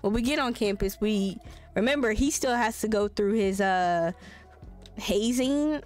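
A woman's voice: mid-range voice, unhurried, faint music behind. A woman hosting a let's play, giving casual, swear-filled commentary and chatting with her game characters. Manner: animated, swearing, voices the characters.

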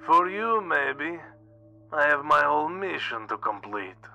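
Guy doing a gruff friendly cosmonaut commander on the radio, raised voice, crackly and gravelly. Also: on the high side, big pitch swings, unhurried, bright, forceful tone, soft background music, voice pushed up, full character voice. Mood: hearty. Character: gruff jovial male Soviet cosmonaut commander. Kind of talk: horror story narration.

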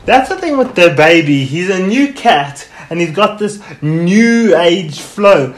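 A man hosting a casual podcast, reacting excitedly to rap tracks and swearing freely. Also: high voice, unhurried, hardly any pauses. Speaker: podcast host. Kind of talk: casual music reaction chat. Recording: echoey room, music playing. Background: music.

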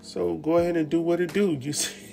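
Guy doing a chill slangy tv recap, mellow relaxed voice, acts out the scenes as he goes. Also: a little high, a little fast, gravelly, faint music behind. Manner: loose, slangy storytelling, often retells scenes in quoted dialogue. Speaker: TV episode recap host. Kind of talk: casual episode recap commentary.

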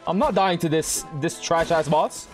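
A young man giving live gameplay commentary to his chat, excitable and swearing, often yelling at the game. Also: fairly high pitch, normal speed, faint music behind. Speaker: gaming streamer.

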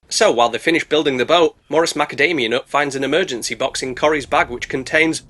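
A man's voice: quick pace, hardly any pauses, a bit bright. A British man narrating a sarcastic, jokey movie recap as a reviewer. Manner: cheeky, sarcastic, bursts into squeaky put-on voices.

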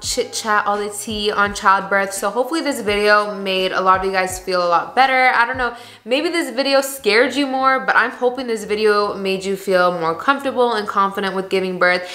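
Chatty young woman vlogger, bright voice. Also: medium pitch. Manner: chatty, candid, lots of "like" and "you guys". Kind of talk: casual chat to camera. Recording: echoey room.

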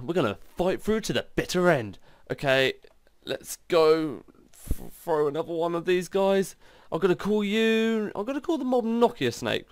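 A man commenting on his video game play in an excitable, exclaiming way. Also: fairly high pitch, no echo. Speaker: gaming channel host. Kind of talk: gameplay commentary.

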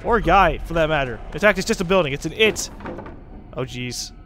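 Excitable young man narrating gameplay. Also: on the high side, normal speed, noisy background. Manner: chatty, sarcastic, excitable outbursts. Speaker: let's play host. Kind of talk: casual gameplay commentary.

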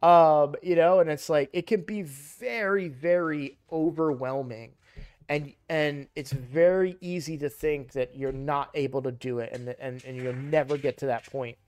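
A young man casually commenting on a mobile game he plays, rambling and correcting himself, louder and livelier when excited. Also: fairly high pitch, unhurried, clean tone. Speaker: gaming YouTuber.

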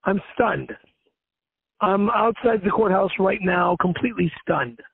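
Man ranting angrily, cursing, high gravelly voice, tinny dry phone sound. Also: moderate pace, no room sound. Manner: angry, profane ranting. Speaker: internet show host. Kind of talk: ranting vlog. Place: outside a courthouse.

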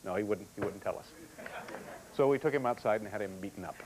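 A man in his forties hosting a late-night talk show, delivering a comedy monologue with wry, deadpan banter in front of a live studio audience. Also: lowish voice, fast talker. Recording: clear studio audience noise.

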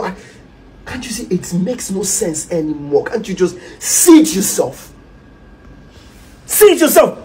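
A woman's voice: on the high side, darkish tone, a little hiss or hum, poor audio. A woman playing a pleading Nigerian spouse on their knees. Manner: pleading, preachy, repeats phrases. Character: pleading devout spouse, kneeling in prayer. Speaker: actor in a comedy skit.

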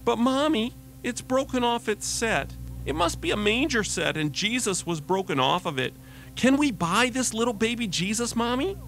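A man's voice: very high voice, big pitch swings, normal speed, voice pushed up, exaggerated voice. A man voicing a sweet, earnest little girl of about five in a radio devotional story. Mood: pleading. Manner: pleading, gentle child voice.

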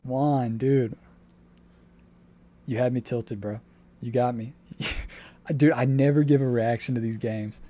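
A man's voice: medium pitch, fairly even intonation, slow, long pauses, dark tone. A man streaming a survival game, chatting casually and swearing, flipping between laid-back and exasperated. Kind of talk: casual gaming stream commentary.

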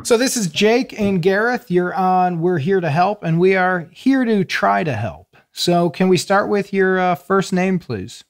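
A man's voice: sits high, animated, measured pace, few pauses. A man hosting a comedy advice podcast from Chicago, chatting loosely and laughing often with a caller. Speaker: podcast co-host. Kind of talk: casual comedic chat.

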